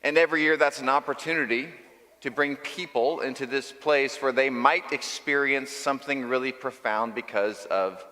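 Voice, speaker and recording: A male pastor preaches with a bright, forceful tone, landing short and punchy phrases as he tells a story. His voice rings out with a long reverb through a large church hall. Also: mid-range voice, moderate pace. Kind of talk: sermon.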